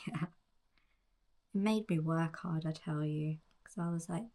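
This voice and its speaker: A woman in her forties reflects in soft whispered narration. She speaks slowly, in a fairly low, mellow voice. Her words often trail off into near-whispers. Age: 40s. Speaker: colouring book author.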